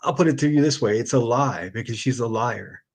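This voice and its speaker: A man's voice: medium pitch, brisk, gravelly, slightly rough. A man hosting a solo livestream, reading out hostile comments and answering them in a sarcastic, profane rant. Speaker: livestream host.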